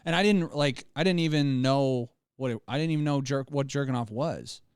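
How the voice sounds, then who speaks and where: A man's voice: medium pitch, normal speed, smooth, dry recording. A man co-hosting a podcast, talking in a crude, laid-back, joking way. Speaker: podcast co-host. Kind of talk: casual chat.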